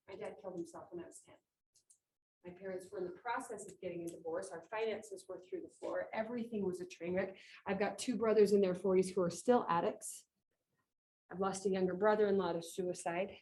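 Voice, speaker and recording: Animated woman speaking in an echoey room. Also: mid-range voice, a little fast. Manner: animated, acting out quoted speech. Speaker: conference speaker. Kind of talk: inspirational talk. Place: meeting room with about twenty people. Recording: echoey room, mic far off, faint noise.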